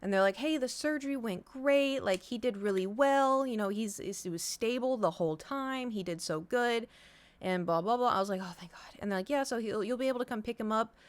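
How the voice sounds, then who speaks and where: A woman's voice: on the high side, brisk. A woman streamer chatting casually to her viewers, telling a long rambling story full of fillers and acted-out quotes. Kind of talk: casual chat.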